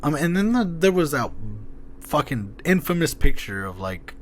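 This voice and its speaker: A man co-hosting a podcast, rambling and excitable with lots of fillers and casual swearing. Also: a little high, moderate pace, a little hiss or hum. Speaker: podcast co-host.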